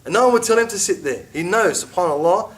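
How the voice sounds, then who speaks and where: A middle-aged man teaching an informal religious class, chatty and animated, with asides and mock quotes. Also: high voice, fast talker, distant mic.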